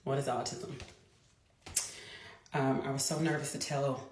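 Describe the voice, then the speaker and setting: This mother in her thirties chats through a personal story on camera, her low, rumbling voice steady, unhurried and a little mellow. She restarts her sentences and rushes ahead in bursts, with slight background noise and an echoey room around her.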